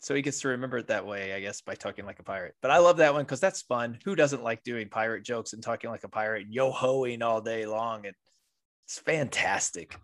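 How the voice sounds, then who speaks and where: A man in his thirties hosts a relaxed podcast chat. He jokes around and laughs at his own gags. His voice sits at an ordinary, mid-level pitch for a man. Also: brisk. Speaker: podcast host.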